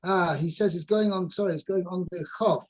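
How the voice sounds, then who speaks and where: A man's voice: high-pitched, brisk, low-quality recording. A man teaching a text-study lesson, explaining word by word with many restarts. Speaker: Torah teacher.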